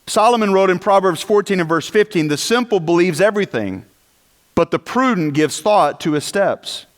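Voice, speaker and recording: High-voiced man preaching. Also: animated, moderate pace. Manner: conversational preaching with rhetorical questions and asides. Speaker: pastor. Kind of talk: sermon.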